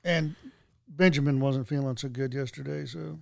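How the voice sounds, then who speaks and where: A man's voice: mid-range voice, steady tone, moderate pace, creaky, no room sound, studio quality. A man talking in an easygoing way, full of fillers, in casual chat. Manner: easygoing, filler-heavy talk.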